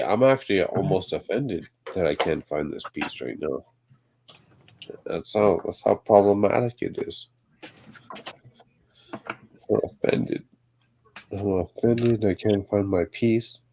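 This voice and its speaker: A man's voice: deep voice, takes it slowly, gravelly, long pauses, a little mellow, slight background noise. A man live-streaming as he builds, talking to himself in an exasperated, grumbling way. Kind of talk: casual live-stream chatter while building.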